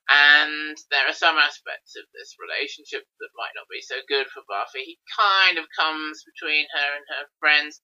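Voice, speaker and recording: Chatty man with a sharp tone. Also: fairly high pitch. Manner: enthusiastic, chatty fan. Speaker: podcast co-host. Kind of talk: casual chat about TV. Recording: slightly dull lo-fi recording.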